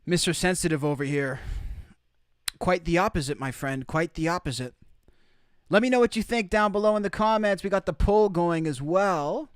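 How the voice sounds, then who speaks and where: A man's voice: sits high, moderate pace, clean tone, no room sound, clean studio sound. A man hosting opinionated live commentary from outside the United States, emphatic and repeating his key phrases. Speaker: commentary streamer.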